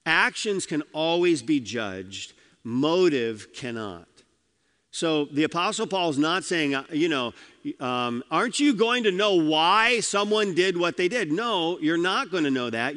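A male pastor delivers a sermon in a slightly high, very lively voice, rising and falling as he reads scripture and puts questions to his listeners. His emphatic delivery rings out with the long reverb of a large hall. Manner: emphatic, asks the congregation questions.

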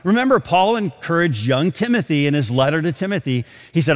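A man preaching a sermon to a congregation, animated, slowing down to stretch key phrases. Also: on the high side, big-room sound. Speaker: pastor. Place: large auditorium.

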